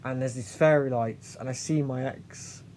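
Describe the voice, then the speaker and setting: Man, vlogger, talks in halting restarts, confessional, mid pitch, faint low rumble behind. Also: fairly even intonation, darkish tone. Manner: halting, with many restarts and trailing pauses; earnest and confessional. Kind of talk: candid personal storytelling.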